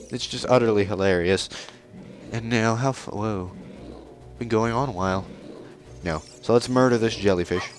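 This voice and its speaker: Low-voiced, sarcastic man commenting on gameplay. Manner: sarcastic, joking. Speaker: let's play host. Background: video game music.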